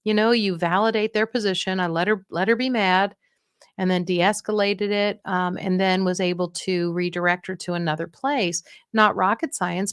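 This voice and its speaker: A woman's voice: mid-range voice, smooth, no room sound, clean studio sound. A middle-aged woman hosting a talk on dementia care, giving frank, encouraging advice and acting out what people say. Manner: frank, encouraging, acts out quoted voices. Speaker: dementia care podcast host.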